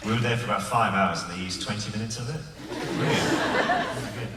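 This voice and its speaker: Man, panel guest, deep voice, roomy and distant with heavy hall noise. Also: fast, a crowd in the background. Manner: animated storyteller, laughing as he talks. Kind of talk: convention panel chat. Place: large convention hall. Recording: echoey hall from far off, noisy.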